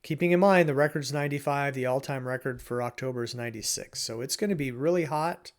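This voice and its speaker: Male weather presenter, relaxed and chatty, mid-range voice, talks through maps with offhand asides. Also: medium pitch, quick pace. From Oregon, USA. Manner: chatty and informal, with asides, chuckles and restarts. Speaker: weather forecaster. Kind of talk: casual weather forecast talk.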